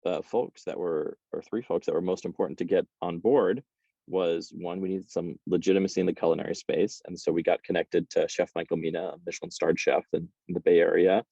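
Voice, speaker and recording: A man, a guest entrepreneur, telling his story in a casual interview, animated and repeating words as he starts. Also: low voice, a little fast, gravelly, no echo, lo-fi sound.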